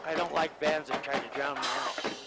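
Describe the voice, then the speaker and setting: A man calling a high school football game on the radio, joking and boastful, out of breath. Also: level tone, fairly quick, poor audio. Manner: joking, boastful, self-styled showman. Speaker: play-by-play announcer. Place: outdoor stadium press box. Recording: loud band music behind.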